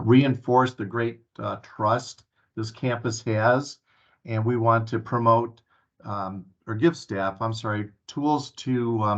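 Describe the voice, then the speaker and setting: A man giving a staff training presentation at a town hall meeting, earnest and full of filler sounds and restarts. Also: fairly low pitch. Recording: muffled lo-fi recording.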